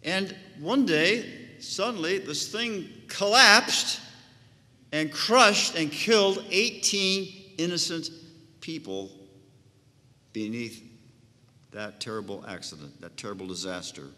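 A man's voice: fairly high pitch, slow pace, pushed and bright. A male pastor preaching a sermon with an emphatic, rising and falling cadence. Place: church sanctuary. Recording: long church reverb.

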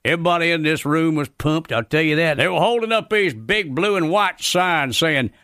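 An actor playing a loudmouthed, folksy redneck commentator, ranting ungrammatically in a scripted radio comedy bit. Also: male voice, on the high side, normal speed, no room sound, clean studio sound. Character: loudmouthed folksy redneck male commentator, middle-aged, grumpy.

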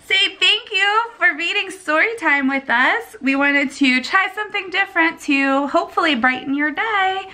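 A woman's voice: very high-pitched, animated, normal speed, few pauses, sharp tone. A woman, a mother, reading picture books aloud to her toddler in a playful sing-song voice with animal noises.

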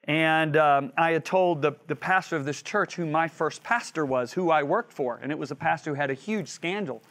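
A man with a notably high voice teaches a Bible lesson through lively storytelling. He acts out the voices of the people in his stories and drives his points home by repeating phrases. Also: moderate pace. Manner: animated storyteller who acts out quoted voices; builds emphasis by repeating phrases.

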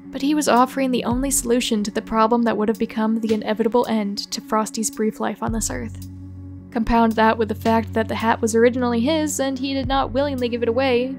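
A woman with a fairly high voice reads out comic reviews in a dry, deadpan way, each line landing with a sardonic edge. Faint music plays softly underneath. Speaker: video narrator reading reviews. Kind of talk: comic narration of read-out reviews.

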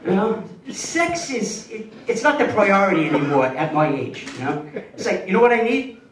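An older man performing a stand-up routine, telling an animated story and drawing out slow, savoring passages. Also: high voice, background noise. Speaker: stand-up comedian. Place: comedy club stage. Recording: roomy club sound from a distance, loud audience. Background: audience laughter.

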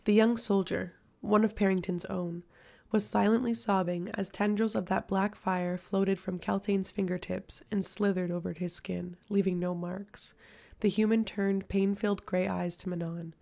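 A woman reads a fantasy novel aloud in a steady, measured way. Her voice has a gravelly fry and stays mostly level in pitch. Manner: steady, measured reading with flat intonation. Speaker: audiobook reader. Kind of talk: audiobook fiction narration.

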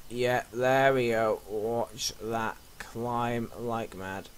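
A man's voice: medium pitch, steady tone, very slow, clear, resonant tone. A young man giving rambling, jokey let's play commentary and talking back to the game characters. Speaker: gamer.

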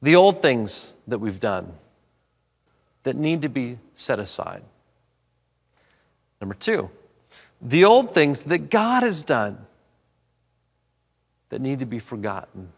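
A man in his forties, a pastor preaching a sermon, telling a story in an animated way that often jumps up in pitch. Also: slow pace, creaky, long pauses. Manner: animated storytelling, voice jumping up in pitch for excited moments. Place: church sanctuary. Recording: long hall reverb in a church.

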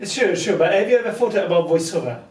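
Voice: mid-range voice, animated, fast. An interviewer in casual chat, mostly giving brief encouraging replies and questions. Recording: echoey room, mic far off.

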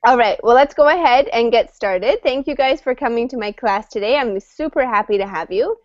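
A woman teaching English to adult learners over a video call, upbeat and chatty, laughing often and explaining slowly. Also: a little high, expressive, no echo. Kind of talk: online class, friendly chat. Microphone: computer mic on a video call. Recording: dull lo-fi call audio.

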